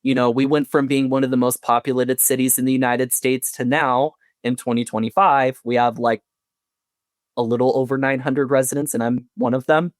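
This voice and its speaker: A man's voice: mid-range voice, level tone, moderate pace, dry recording, studio quality. A man who guides tours of an old house, telling ghost stories in a chatty way with many fillers and restarts. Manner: chatty, full of fillers and self-corrections. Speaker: mansion tour guide and resident. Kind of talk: casual storytelling interview. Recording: soft music underneath.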